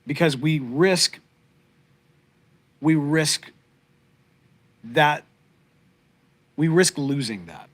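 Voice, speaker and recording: A man's voice: fairly high pitch, lively intonation, extremely slow, long pauses, fairly bright tone. A middle-aged man, co-hosting a podcast and chatting casually with viewers in a rambling, heartfelt way, full of fillers and restarts. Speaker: podcast co-host. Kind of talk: casual live-stream chat with viewers.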